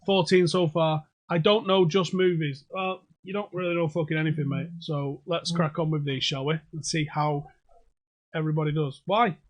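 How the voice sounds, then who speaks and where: A man's voice: fairly high pitch, fairly even intonation, normal speed, highs cut off. A young man hosting a pub quiz livestream from home, jokey and sweary as he reads out comments on a desk microphone. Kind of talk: casual livestream banter.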